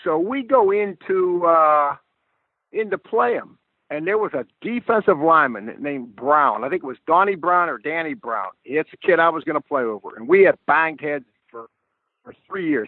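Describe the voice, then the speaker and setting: An older man tells football stories in a lively, stop-and-start way, often doubling his first words. His voice sits fairly high for a man. It comes through a dry, tinny, phone-like line. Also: dry recording. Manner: animated storyteller, repeats words when starting a thought. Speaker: guest football coach. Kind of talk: telling stories in a podcast chat.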